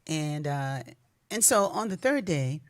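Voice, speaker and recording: A woman's voice: deep voice, sing-song. A woman hosting a livestream who sings spiritual songs and then tells reflective stories in a casual way. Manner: slow, reflective, drawn-out phrasing. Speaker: singer and livestream host. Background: instrumental music.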